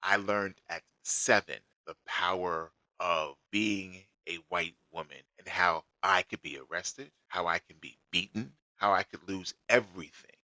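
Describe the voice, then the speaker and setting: Man, very low voice with a bright edge, blunt storytelling monologue, dry close sound. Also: dry recording, rough recording. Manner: blunt, emphatic, recounting events step by step.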